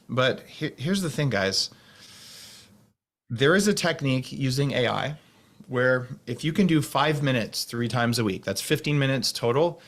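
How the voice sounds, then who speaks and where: A man talking fast and rambling to a group on a call, with many restarts. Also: mid-range voice. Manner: fast talker with restarts, slows voice to demonstrate calm. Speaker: guest speaker on a video call.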